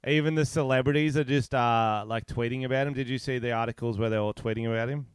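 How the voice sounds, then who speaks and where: A man's voice: mid-range voice, steady tone, fast talker, smooth, no room sound. A man co-hosting a comedy podcast over a video call, crude and playful, trading jokes and trash talk. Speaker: podcast co-host. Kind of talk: casual comedy chat.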